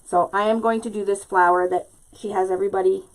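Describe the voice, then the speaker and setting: A woman's voice: mid-range voice, steady tone, quick pace, rough recording. A woman hosting a live craft tutorial, chatting to her viewers directly and laughing often.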